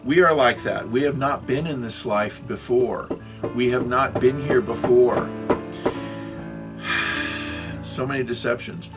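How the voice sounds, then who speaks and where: A man in his sixties talks through a religious video lesson in a middle-pitched voice, wandering off topic and circling back with self-corrections. His delivery is loose and conversational, and faint guitar music plays beneath it. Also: slow, pauses often. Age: 60s. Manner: rambling, self-correcting, apologetic asides. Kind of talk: rambling video lecture.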